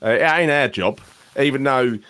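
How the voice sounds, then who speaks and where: A man's voice: mid-range voice, moderate pace, a bit bright, dry recording. A man in a casual podcast chat, emphatic, blunt and swearing.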